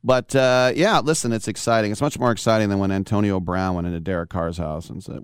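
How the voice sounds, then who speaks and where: A man's voice: fairly low pitch, a little fast, clear, resonant tone, dry recording, studio quality. A man hosting a sports talk radio show, chatting and telling stories with frequent laughs. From Bay Area of California. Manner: chatty, storytelling, laughs often.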